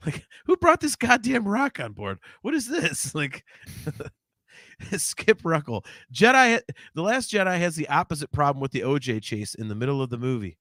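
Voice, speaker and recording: Brief: male podcast co-host, high lively bright voice, profane animated ranter, dry close mic. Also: moderate pace, no room sound. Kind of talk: casual chat.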